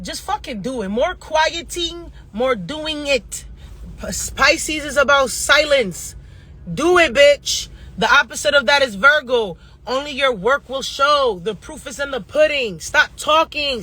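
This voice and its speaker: A woman giving a casual astrology reading who talks bluntly and profanely, going off on fast-ranting tangents. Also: high-pitched, sharp tone. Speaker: astrologer and tarot reader.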